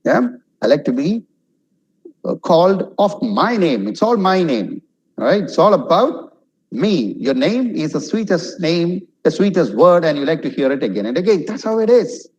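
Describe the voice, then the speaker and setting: A middle-aged man from India leads an online talk, his voice sitting a little higher than most men's. He keeps it conversational, with plenty of fillers and quick acted-out example lines. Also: very animated, darkish tone, rough recording. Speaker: webinar speaker on communication. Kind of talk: lecture on social skills.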